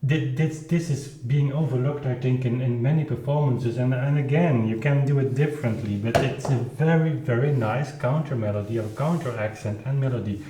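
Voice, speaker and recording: A man who is not a native English speaker, explaining his playing in an informal music lesson, halting and searching for words with many restarts. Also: medium pitch, dark tone, echoey room, a little hiss or hum. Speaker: keyboard performer explaining his recording.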